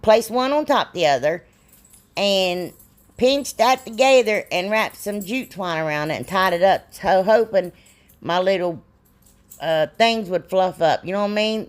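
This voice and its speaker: A woman's voice: mid-range voice, normal speed. A middle-aged woman, rambling and self-deprecating as she explains a craft in a casual tutorial. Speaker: DIY crafts channel host.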